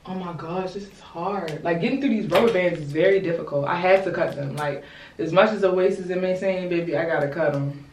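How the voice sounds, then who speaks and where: A young woman from Baltimore chatting casually with viewers while she does her hair, animated and blunt, calling them y'all and swearing freely. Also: fairly low pitch, fast talker. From Baltimore, USA. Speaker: YouTuber. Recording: roomy echo, distant mic.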